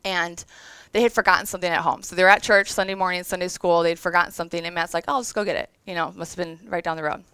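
Earnest, smooth-voiced woman speaker. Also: fairly low pitch, steady tone, quick pace, few pauses, a bit bright, no room sound, poor audio. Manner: conversational, earnest, emotional at times. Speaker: women's event speaker. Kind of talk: devotional talk to a live audience.

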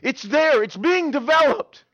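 A man preaching a sermon, telling his own story in an animated way with quick restarts and repeated words. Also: very high-pitched, dry recording. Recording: dull, dry sound.

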